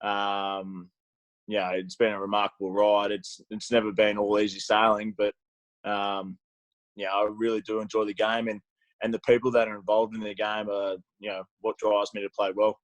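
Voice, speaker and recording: Laid-back low-voiced Australian man. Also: level tone, moderate pace, no room sound. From Queensland, Australia. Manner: laid-back, says mate often, reflective. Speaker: guest rugby player. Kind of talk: casual video call chat. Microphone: video call.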